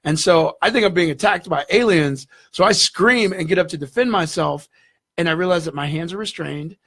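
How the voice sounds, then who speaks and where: A man, a guest in an interview, telling a story in an animated way and acting out the voices in it. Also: on the high side, brisk, no echo, studio quality. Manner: animated, acts out dialogue in the story.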